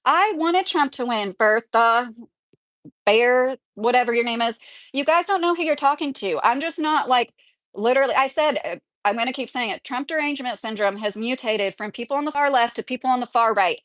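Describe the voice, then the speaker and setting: A woman's voice: fairly high pitch, normal speed, a bit bright, no room sound, studio quality. A woman in her thirties from Kentucky, talking at home in a rambling, opinionated livestream chat and reading viewer comments aloud. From Kentucky, USA. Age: 30s. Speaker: vlogger.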